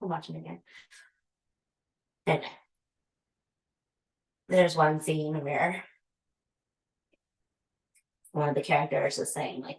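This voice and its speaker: A woman guiding a yoga flow, her voice on the lower side as she steadily calls out poses and breaths. She drifts into easygoing, laughing asides between cues. The sound carries the echo of a roomy space. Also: fairly even intonation, slow, vocal fry, long pauses. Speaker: yoga instructor. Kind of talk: guided yoga class cueing. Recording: echoey room.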